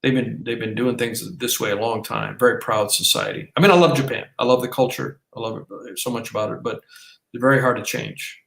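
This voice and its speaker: A man with a bright, forward voice co-hosts a casual podcast and rambles through his points, restarting sentences and reaching for fillers. The recording sounds roomy, with noticeable echo. His pitch sits in a middling range. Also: fairly even intonation, fairly quick, creaky. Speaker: podcast co-host.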